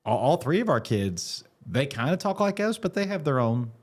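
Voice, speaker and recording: A man from Alabama with a Southern accent, co-hosting a podcast in relaxed chat, easygoing and jokey, often repeating his words. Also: medium pitch, normal speed. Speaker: podcast co-host. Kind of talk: casual chat.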